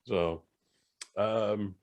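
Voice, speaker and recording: A man's voice: on the low side, fairly even intonation, drawn-out words, a little mellow, dull audio. Profane casual male podcast co-host. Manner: loose, profane, retells scenes doing the characters' voices. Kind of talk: casual movie review chat.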